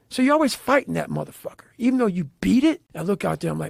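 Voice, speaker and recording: A man telling intense motivational stories as a podcast guest, swearing heavily and speaking with forceful emphasis. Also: on the high side, animated, fast, vocal fry, hardly any pauses, slightly rough, no echo, clean studio sound. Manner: heavy profanity, forceful and emphatic.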